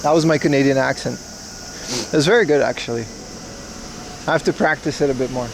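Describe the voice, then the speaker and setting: Strolling outdoors through town, a young livestream host chats with his viewers in a joking, wry, rambling way. His mid-range voice moves fairly quickly, and there's noise in the background.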